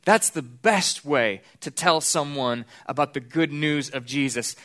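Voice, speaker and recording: A man preaching a sermon as pastor, earnest, slowing down to stress key points. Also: a little high, a bit bright.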